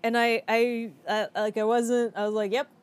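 A woman's voice: on the high side, level tone, moderate pace, clear, resonant tone. A woman co-hosting a casual podcast chat, speaking frankly and swearing freely. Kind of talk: casual chat reviewing a film.

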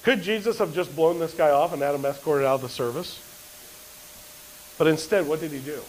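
High-voiced pastor preaching to a congregation. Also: male voice, brisk, slight background noise, poor audio. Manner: asks the congregation questions and answers them; reads scripture aloud with rising emphasis. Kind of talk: sermon. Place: church service.

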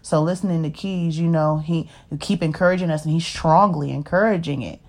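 A woman in her 30s speaks at a brisk clip in a low, slightly mellow voice. She drifts casually through her life story, often tossing in "you know what I mean?"

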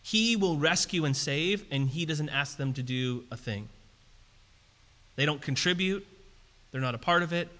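A man preaches in a casual, conversational manner that turns animated and emphatic. His voice sits high for a man and sounds bright and forceful, and a long reverb trails each phrase through the hall. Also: unhurried, long pauses. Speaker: pastor. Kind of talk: sermon.

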